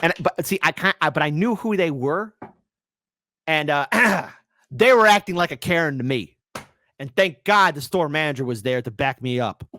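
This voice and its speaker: A male host talks over news clips in a lively, swooping voice. He mocks what he hears and sometimes breaks into shouts. The sound is close and dry, with no room around it. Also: a little high, moderate pace, no echo. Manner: animated and mocking, with shouted bursts.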